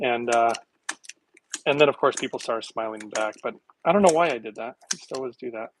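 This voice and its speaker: A man's voice: medium pitch, brisk. Middle-aged guy just rambling to his viewers, chuckles a lot, medium voice, bit of faint hiss behind. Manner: rambling, chuckles often, self-deprecating. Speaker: vlogger. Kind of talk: casual chat to viewers.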